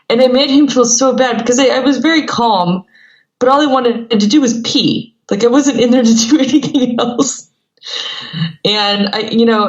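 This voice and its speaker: A woman, co-hosting a casual podcast and telling a story while acting out both sides of the dialogue. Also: fairly high pitch. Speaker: co-host. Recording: dull lo-fi recording.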